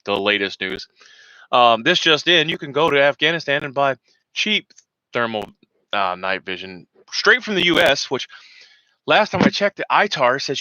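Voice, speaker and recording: A man's voice: on the high side, sing-song, a little slow, pushed and bright, no echo, dull audio. A man hosting a veterans' show, ranting in heated, rambling, profane commentary.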